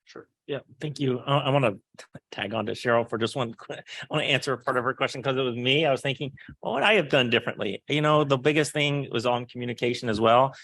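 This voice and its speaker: Brief: man, mid pitch, dry sound, candid and halting panel answers. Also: steady tone, fairly bright tone, no echo. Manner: candid, halting, quick asides. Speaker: researcher on a panel.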